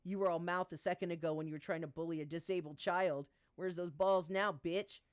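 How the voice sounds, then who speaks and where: Tough, sweary woman fighter read by a low-voiced woman, calmly menacing, barks her orders. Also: a little fast, lightly acted. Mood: barking. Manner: calm menace that turns to sharp, sweary barking. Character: tough, profane young woman fighter, fiercely protective.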